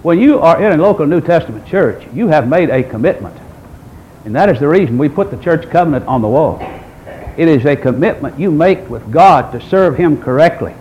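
A preacher in his sixties with a high, lively voice that rises and falls widely. He speaks emphatically, firing off rhetorical questions. A faint lilt colours his sermon. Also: fairly quick, dull audio, slight background noise. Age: 60s. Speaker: pastor.

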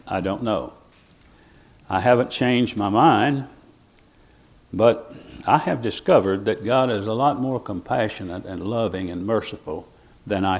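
A man preaching a sermon in an earnest, reflective way, with restarts and rising bursts of emphasis. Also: lowish voice.

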